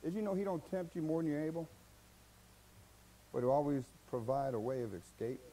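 A man preaching a sermon as pastor, in a folksy, colloquial way, dropping to low murmurs and then rising to loud, high bursts. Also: steady tone, a little fast, poor audio.

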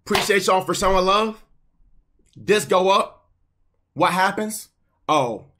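High, bright-voiced young man ranting. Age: young adult. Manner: profane, heated, slangy. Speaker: streamer. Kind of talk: casual stream rant.

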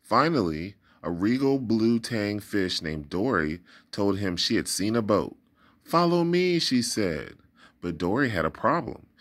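A man narrating a children's storybook aloud with expressive, dramatic delivery. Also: fairly low pitch. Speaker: storybook reader.

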